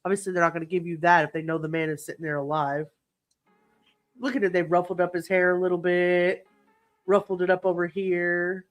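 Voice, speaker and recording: A young woman hosting a live chat, blunt and animated, swearing and teasing her co-host. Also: on the low side, a little fast, muffled recording, soft background music. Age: young adult. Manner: blunt, animated, swears and teases, laughs easily.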